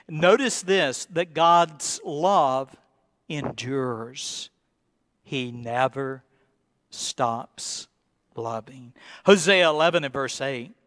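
A male pastor preaching a sermon in an earnest, deliberate way, repeating words and rising into pleading emphasis. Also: on the high side, fairly bright tone, no room sound.

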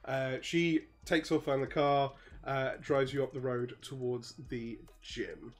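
A game master narrating a tabletop role-play in a relaxed, loose manner with lots of fillers. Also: medium pitch, takes it slowly.

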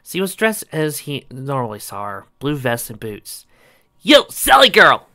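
A man narrating a fan-made story, reading aloud with animated delivery. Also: medium pitch, normal speed.

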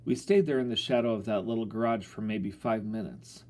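A man's voice: lowish voice, a little fast, a little mellow. A man narrating a first-person children's story in a folksy, boyish storytelling manner. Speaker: audiobook narrator.

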